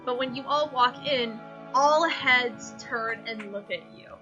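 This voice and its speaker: A woman with a high voice runs a tabletop game, narrating the scene in a loose, rambling way. She pads her sentences with fillers and restarts as she goes. Music plays clearly underneath. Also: a little slow, pushed and bright, highs cut off. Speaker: game master.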